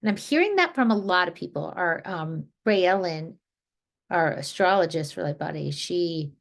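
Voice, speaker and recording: A woman from New Jersey leading an energy healing group over a video call, talking in a relaxed, rambling way with many restarts. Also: fairly low pitch, normal speed, gravelly. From New Jersey, USA. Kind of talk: casual guided group talk.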